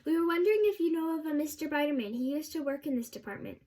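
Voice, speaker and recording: A woman's voice: sits high, quick pace, darkish tone, voice pushed up, lightly acted. A woman voicing an earnest, polite young girl who keeps pressing her questions. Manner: polite, persistent.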